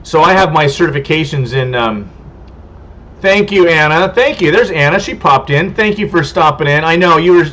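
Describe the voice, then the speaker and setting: A man's voice: fairly high pitch, animated, moderate pace, a bit bright. A man from California hosting a casual homestead livestream, chatting with viewers in a rambling, friendly way that stumbles over names. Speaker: homestead channel host. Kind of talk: casual livestream chat, reading viewer comments. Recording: dull lo-fi stream audio.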